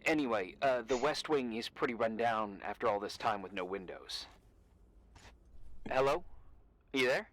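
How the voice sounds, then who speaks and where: A man's voice: medium pitch, expressive, moderate pace, pauses often, a bit bright, natural voice. An actor playing a nervous young man on a radio who stammers and apologizes. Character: nervous, friendly young male radio contact.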